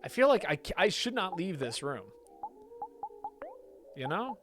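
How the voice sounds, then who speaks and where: A woman's voice: on the low side, very animated, a little slow, noisy background. A woman streamer giving casual let's-play commentary with chatty, self-mocking asides.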